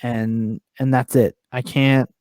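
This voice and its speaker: A man, a professional wrestler, talking candidly as a podcast guest, swearing freely and ranting with rising pitch. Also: little pitch movement, takes it slowly, darkish tone, no echo, studio quality. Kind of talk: casual podcast interview. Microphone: remote call mic.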